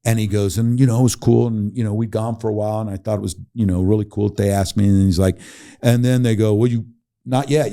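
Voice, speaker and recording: A middle-aged man telling a story as a podcast guest, animated and laughing, acting out the people he quotes. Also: fairly low pitch, fast. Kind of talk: casual storytelling.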